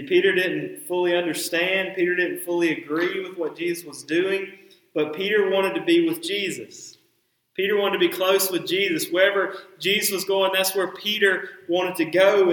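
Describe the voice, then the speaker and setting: A man's voice: high-pitched, fairly even intonation, moderate pace, a bit bright, roomy sound, rough recording. A man in his thirties preaching a sermon, who acts out the dialogue of biblical figures with dramatic emphasis. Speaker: pastor.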